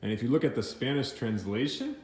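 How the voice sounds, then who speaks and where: A male teacher walks through a vocabulary word at an unhurried pace, circling back with fillers and restarts. His voice sits at a middle pitch and carries a noticeable echo, as if recorded in a bare room. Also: animated. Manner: explains slowly with many fillers and restarts, mixing in Spanish words. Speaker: English teacher.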